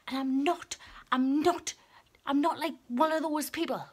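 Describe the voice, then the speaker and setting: A woman chatting on a casual vlog, excitable and cheeky, swinging between gushing and hushed asides. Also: high-pitched, measured pace, slight background noise. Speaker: vlogger.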